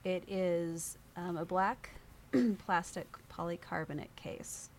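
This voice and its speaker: A woman guest on an interview show, telling a story in a lively way, acting out other people's voices and laughing often. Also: on the low side, slow pace, slight background noise. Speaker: podcast guest.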